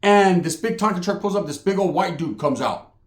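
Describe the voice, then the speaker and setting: A man's voice: high-pitched, expressive, fairly quick, echoey room. A man telling a profane story as a comedy bit, casual and conversational, tagging his lines with "right?". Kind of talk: storytelling stand-up.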